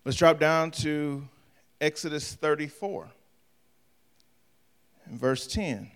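A pastor delivers a sermon in a high, bright voice. He talks directly to his congregation and jokes with them. His delivery swings from quiet, offhand asides to shouted passages. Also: takes it slowly.

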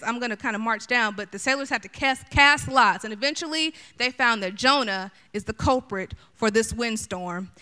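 A middle-aged woman preacher giving a sermon, animated and chatty, talking straight to her listeners. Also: on the high side, smooth. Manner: animated, chatty, addresses the audience directly.

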